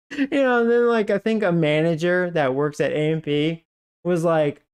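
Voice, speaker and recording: Here a game streamer tells rambling, foul-mouthed stories at a moderate pace, his clean voice on the high side with a darkish tone. He leans on "like" as a filler and often bursts out laughing.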